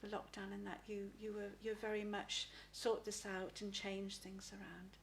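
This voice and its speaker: A middle-aged woman giving a live spirit reading as a psychic medium. She talks haltingly, repeats words and often asks "please?". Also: mid-range voice, level tone, gravelly, a little hiss or hum.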